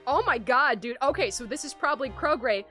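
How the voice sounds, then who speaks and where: A woman streaming a video game, chatting casually with excitable, slangy reactions. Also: high-pitched, a little fast, soft background music.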